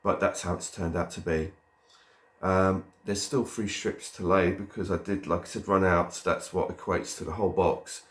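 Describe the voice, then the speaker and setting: A man with a very low, hoarse voice, still getting over a cold. He talks casually to camera, rambling with plenty of ums and restarts. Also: steady tone, moderate pace, fairly bright tone. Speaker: model railway vlogger.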